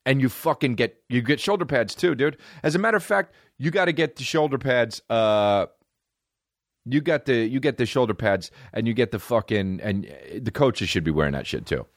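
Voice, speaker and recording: A man's voice: medium pitch, lively intonation, moderate pace, no room sound, clean studio sound. Rambling, profane man ranting on a podcast. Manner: rambling, profane, jumps between tangents. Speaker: podcast host. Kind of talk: solo comedic podcast rant.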